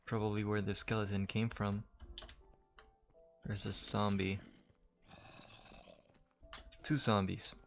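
A man's voice: fairly low pitch, little pitch movement, takes it slowly, gravelly, pauses often, faint music behind. A man giving casual, chatty let's-play commentary while he games, joking at himself and swearing when startled. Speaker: gamer. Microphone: desk mic, gamer wearing headphones.

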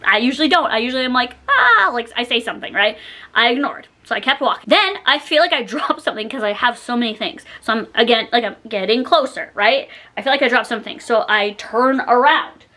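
A woman's voice: on the high side, fast, bright, forceful tone. A woman vlogger telling a storytime in a chatty way, with many "like" fillers. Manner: chatty, heavy use of "like" fillers. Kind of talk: storytime vlog.

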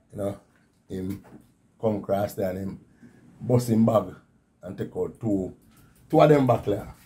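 Jamaican man in his fifties, mellow. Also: fairly low pitch. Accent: Jamaican Patois. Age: 50s. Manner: animated storytelling, repeats words for effect. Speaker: interviewee. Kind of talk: telling his survival story.

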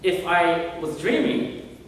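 A man's voice: on the high side, lively intonation, slow, voice pushed up. A man voicing a desperate young husband who pleads and stumbles over his words. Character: desperate young husband insisting he never dreamed. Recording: echoey hall from far off.

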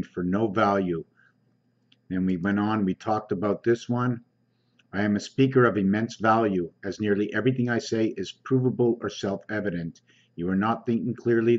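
Low-voiced man reading comments, lo-fi. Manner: slow, halting reading with frequent ums. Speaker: channel host reading comments aloud. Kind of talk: casual screen-reading commentary.

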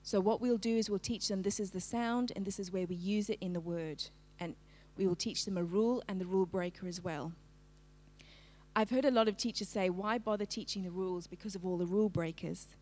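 A middle-aged woman giving a lively, engaging literacy presentation to parents, asking her audience for a show of hands. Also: medium pitch. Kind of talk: live-streamed talk to parents.

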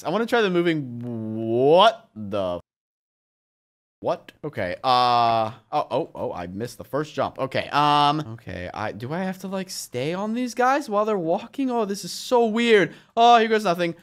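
Excitable young man yelling through gameplay. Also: a little high, normal speed. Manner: excitable, yelps "flip" instead of swearing; chats to viewers while playing. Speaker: YouTuber playing a game. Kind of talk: let's play commentary.

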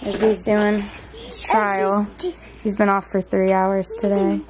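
Mom doing slow singsongy baby talk, super high and bouncy, lots of hiss on the home video. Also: female voice, monotone. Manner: patient, coaxing and praising. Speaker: mother and family vlogger. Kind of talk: sing-song baby talk to toddlers. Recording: noisy home video audio.

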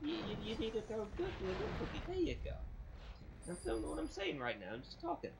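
Excitable stammering gamer man. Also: sits high, fairly quick, background noise. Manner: excitable, stammering, bursts of frustrated yelling. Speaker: gaming channel host. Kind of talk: let's play commentary. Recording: dull lo-fi sound with game music. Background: game music.

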